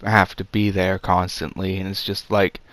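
Male reviewer, low-ish and smooth, sarcastic off-the-cuff delivery with plenty of fillers, dry close sound. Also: little pitch movement, normal speed, a bit bright, dry recording. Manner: sarcastic, rambling, many fillers. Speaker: movie reviewer.

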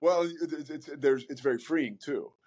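Animated, rambling man in conversation. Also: on the high side, moderate pace, breathy edge. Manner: animated, rambling, repeats words when starting. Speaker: podcast guest, sports broadcaster. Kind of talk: casual conversation.

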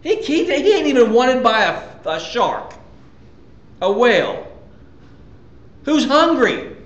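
A man's voice: very high-pitched, sing-song, unhurried, echoey room, muffled recording. A man preaching a sermon as a pastor, talking conversationally with emphatic repetitions and rhetorical questions to his listeners.

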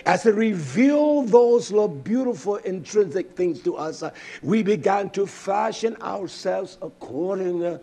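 A high-voiced male preacher with a husky, slightly breathy tone delivers a fiery sermon at an unhurried pace. He swings between impassioned shouting and hushed, quiet stretches. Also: animated.

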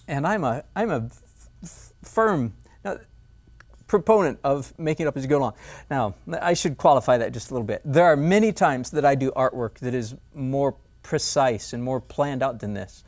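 Male art instructor, middle-aged, animated demo-lesson delivery with self-mocking humor. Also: medium pitch, moderate pace. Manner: animated, self-mocking, breaks into laughs and playful squeals. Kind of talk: painting demonstration lesson.

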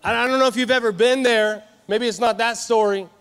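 A man preaching an energetic sermon at a youth conference, animated and joking with the crowd. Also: very high voice, fairly quick, clear, resonant tone. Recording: live hall reverb.

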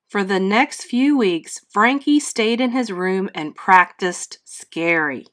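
A woman reading a children's storybook aloud in a slow, expressive, teacherly way. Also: medium pitch. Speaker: read-aloud host.

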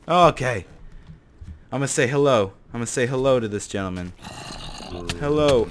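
A young man narrating his own gameplay, chatty and excitable, jumping from mumbles to panicked shouts. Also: mid-range voice, moderate pace, a little hiss or hum. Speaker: gaming channel host. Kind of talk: gameplay commentary.

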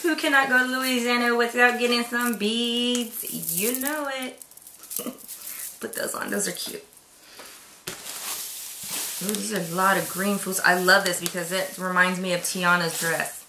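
Slow, gushing woman unboxing. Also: mid-range voice, fairly even intonation, roomy sound, noisy background. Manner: gushing, gasps often, drops to whispers. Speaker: vlogger unboxing a swap box. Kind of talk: casual unboxing chat.

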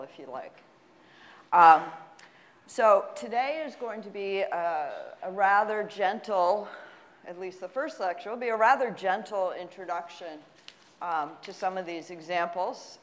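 A woman giving a university math lecture in a relaxed, chatty way with self-deprecating asides. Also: medium pitch. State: slightly winded from running. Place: lecture hall. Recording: long hall reverb.

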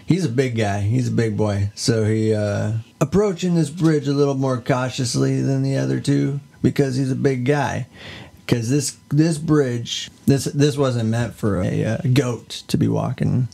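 A man's voice: mid-range voice, steady tone, a little slow, vocal fry, mellow. A man co-hosting a podcast, telling a fairy tale in a laid-back, jokey way. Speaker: podcast co-host. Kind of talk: casual comedic storytelling.

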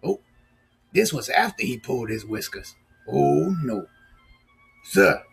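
A man's voice: mid-range voice, animated, slow, creaky, husky, soft background music. A man reading a storybook aloud to children, chatting playfully and asking them questions between passages. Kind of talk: storybook read-aloud with asides.

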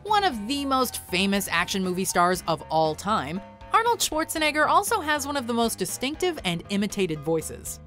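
A woman's voice: a little high, normal speed, faint music behind. A woman narrating a countdown video in an upbeat scripted style. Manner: upbeat, lively list presenting.

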